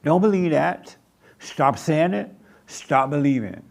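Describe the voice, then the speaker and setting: Gravelly older man preaching plainly. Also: fairly high pitch, lively intonation. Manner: slow, plain-spoken, storytelling with acted-out quotes. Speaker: pastor. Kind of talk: sermon answering questions. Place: church meeting room.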